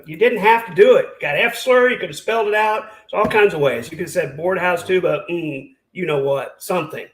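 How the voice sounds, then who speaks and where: A high-pitched man delivers angry reaction commentary. He is sarcastic and heated, swearing often as he rants. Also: fairly quick, few pauses. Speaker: commentary channel host.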